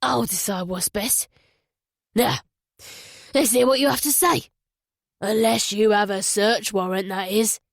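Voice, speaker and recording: A woman voicing a gravelly, commanding man with an East London accent in an audiobook, curt and indignant. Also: medium pitch, unhurried, pauses often, no room sound, studio quality. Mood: brusque. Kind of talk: audiobook character voice.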